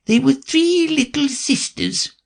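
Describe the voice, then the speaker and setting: A man voicing a small, sleepy dormouse with a hoarse, feeble voice in an audiobook. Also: very high voice, voice pushed up, exaggerated voice. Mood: drowsy. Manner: drowsy, slow. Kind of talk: audiobook character voice.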